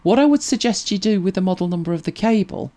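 A warm, medium-pitched voice with lively intonation and a fast pace belongs to this tech help show host. Chatty and quick to laugh, they casually answer viewer questions and often repeat words when starting to speak.

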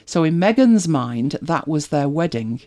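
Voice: mid-range voice, very animated, unhurried, dark tone. A host with a British accent, chatting casually and rambling with many restarts. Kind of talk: casual chat.

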